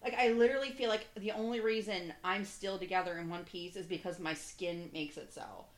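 A woman's voice: mid-range voice, brisk, roomy sound. A woman in her early forties chatting casually, ranting with lots of swearing. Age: 40s. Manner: profane, animated ranting. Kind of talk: casual chat.

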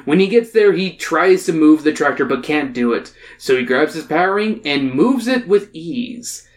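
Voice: medium pitch, animated, moderate pace. Casual book club host summarizing with laughs. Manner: laughs often, stammers on restarts. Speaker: podcast host reading the book aloud.

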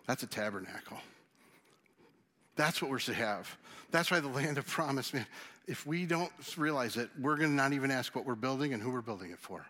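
A male pastor, giving a conversational, animated sermon and then leading a prayer. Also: medium pitch, quick pace. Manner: animated, conversational preaching with acted asides.

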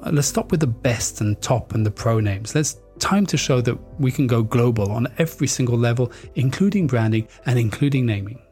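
Animated man giving a presentation talk. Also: medium pitch, brisk, hardly any pauses, soft background music. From France. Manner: animated, playfully mimics foreign accents, frequent restarts. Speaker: speaker on brand naming.

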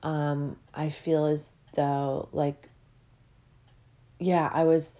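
A woman speaking to her listeners as a spiritual teacher, gentle and meandering, often moved and full of fillers. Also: low-pitched, level tone, extremely slow. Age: adult with a child. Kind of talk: heartfelt solo talk to listeners.

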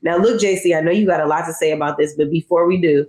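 A woman's voice: deep voice, fairly even intonation, quick pace, darkish tone. A woman hosting a show, chatting casually and talking straight to her viewers with slang. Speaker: show host. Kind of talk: casual commentary. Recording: roomy echo.

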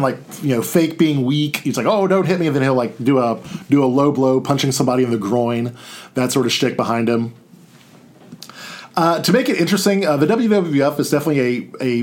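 Male lecturer, mid-pitched voice, relaxed slide talk that restates key lines. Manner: conversational, repeats lines for emphasis.

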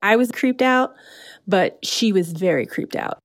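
A woman telling a true spooky story in the first person, in a relaxed, conversational way with casual fillers. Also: medium pitch, a little slow.

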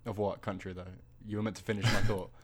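A man's voice: lowish voice, level tone, fast. A young man co-hosting a casual podcast, rambling and teasing with lots of fillers and restarts. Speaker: podcast co-host.

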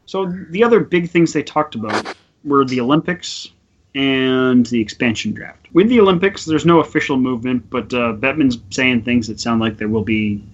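A man's voice: mid-range voice, normal speed, muffled recording. A man co-hosting a podcast in casual chat, rambling and sweary, with many restarts. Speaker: podcast co-host.

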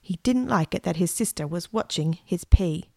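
A woman reading a children's story aloud in a gentle, unhurried way. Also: lowish voice, expressive, gravelly, no room sound, clean studio sound.

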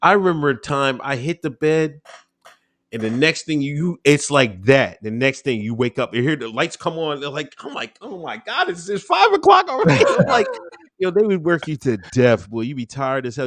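Male guest, relaxed storyteller, filler-heavy, mid pitch, dry recording. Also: moderate pace, no echo. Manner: laid-back, rambling, full of fillers and laughs. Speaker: interview guest. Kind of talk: casual conversational interview.

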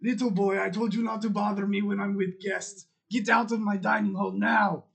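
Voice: mid-range voice, level tone, normal speed, vocal fry, fairly bright tone, husky. A tabletop player voicing a cold, haughty woman character who coldly dismisses a boy. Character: cold haughty female hostess dismissing a child.

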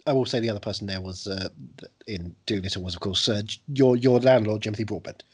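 A man co-hosting a podcast, chatting casually with jokes, swearing and quick impressions. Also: on the low side, breathy edge. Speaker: podcast co-host. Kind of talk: casual chat.

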